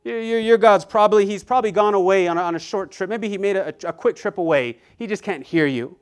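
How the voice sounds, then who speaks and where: A preacher acting as a taunting old prophet. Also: male voice, moderate pace, close to an everyday voice. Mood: mocking. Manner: sarcastic and goading, voice pushed higher and louder. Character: bold, taunting male Old Testament prophet. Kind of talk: acted quote within a sermon.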